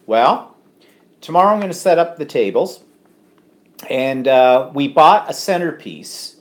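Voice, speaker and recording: A man's voice: a little high, lively intonation, a little slow. A man co-hosting a casual live stream from home, chatting and reading out viewer comments with many ums. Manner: chatty, reads comments aloud, frequent ums.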